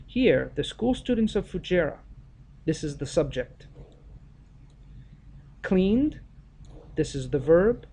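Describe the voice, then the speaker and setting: Man teaching grammar, slightly high voice. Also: very animated, vocal fry, warm tone, husky. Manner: deliberate, stresses key words of example sentences. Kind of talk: explanatory grammar lesson.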